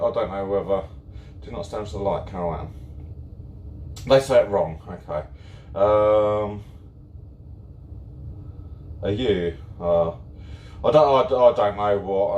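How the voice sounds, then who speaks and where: A British man hosting a live cooking stream, chatting casually and rambling as he greets viewers by name while he bakes in his home kitchen. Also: lowish voice. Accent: British English. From Britain. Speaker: livestream cooking host. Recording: echoey kitchen with faint background noise.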